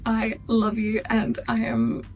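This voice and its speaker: A young Australian woman chatting excitedly to camera as a vlog host. Her voice sits a little high, and she strings her thoughts together with a steady stream of "like". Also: slow pace. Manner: gushing, chatty, heavy use of "like". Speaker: vlogger. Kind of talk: casual reaction chat.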